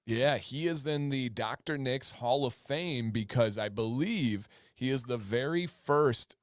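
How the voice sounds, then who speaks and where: Man, livestream co-host, mid-pitched, chatty, dry close sound. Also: a little slow, dry recording. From Michigan. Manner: upbeat, reads viewer comments aloud. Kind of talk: casual livestream chat.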